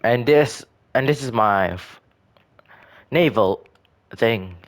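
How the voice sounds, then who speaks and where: Casual male gaming commentator, mid-pitched, halting and self-correcting as he talks through his builds. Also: expressive. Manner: rambling, hesitant, frequent restarts and self-corrections. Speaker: gaming video creator.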